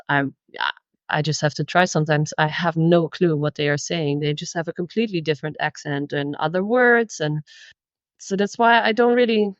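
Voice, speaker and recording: A woman's voice: low voice, no echo, muffled recording. A woman from the Netherlands with a Dutch accent, a language teacher chatting and explaining with frequent restarts in a podcast interview.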